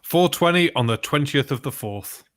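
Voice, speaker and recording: A man hosts a casual live-stream chat. He talks loosely and laughs often. His voice sits at an ordinary middle pitch. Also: animated, moderate pace, fairly bright tone. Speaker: host.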